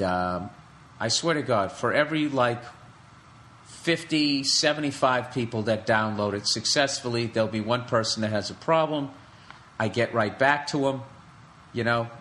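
Man, podcast host, solo comedic rant, sarcastic, profane, sharp bright tone. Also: medium pitch, slight background noise.

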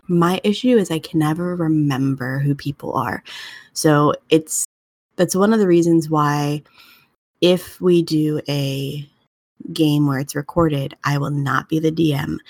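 A young woman talks in a relaxed podcast chat, rambling and filling her thoughts with fillers. Her voice sits low for a woman. The sound is close and dry, with no room echo. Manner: chatty, rambling with many fillers. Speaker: tabletop game master.

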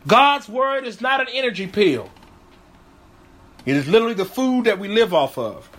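A man's voice: high voice, sing-song, normal speed, a bit bright. A man, a pastor, teaching a Bible passage in a video sermon, earnest and emphatic, often repeating his key phrases.

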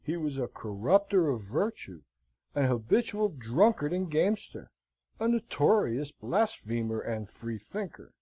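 A man reading a classic novel aloud as an audiobook narrator, in a measured, expressive way. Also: on the high side, breathy edge, rough recording. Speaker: audiobook reader.

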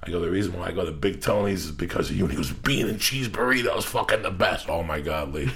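Gravelly low-voiced man telling stories. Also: fast. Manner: profane storyteller, acts out quotes. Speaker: podcast host. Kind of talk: casual chat. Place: Los Angeles area.

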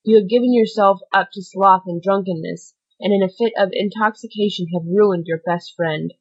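A woman voicing a stern, solemn male priest who speaks in a grave, measured, admonishing way. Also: mid-range voice, a little mellow, slightly rough, highs cut off.

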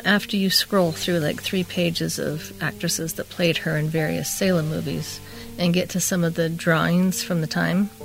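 A middle-aged woman with a lowish, gravelly voice spins a chatty, rambling story on a talk show. She slips into the voices of the people she quotes, and faint music plays behind her. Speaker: podcast co-host telling a story. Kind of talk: casual storytelling.

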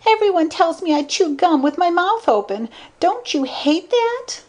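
A woman voicing a needy young blonde woman who pleads for attention in a high, whiny voice. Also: very animated, unhurried, a little mellow, full character voice. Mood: pleading.

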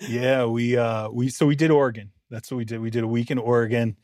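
A man co-hosting a sports podcast, telling a story in lively casual chat and laughing often. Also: medium pitch, fairly quick, dry recording, studio quality. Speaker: podcast co-host, NFL writer.

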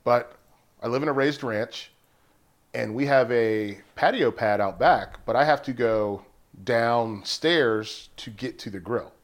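A man co-hosting a podcast in casual chat, rambling through stories with bursts of high laughter. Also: takes it slowly. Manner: rambling, animated storytelling with high-pitched laughs. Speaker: podcast co-host.

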